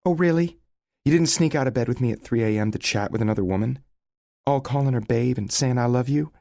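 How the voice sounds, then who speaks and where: A man voicing a furious young woman, shrill. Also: little pitch movement, brisk, vocal fry, dry recording, studio quality, close to an everyday voice. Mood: sarcastic. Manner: sharp, shouting, near tears. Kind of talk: audiobook character voice.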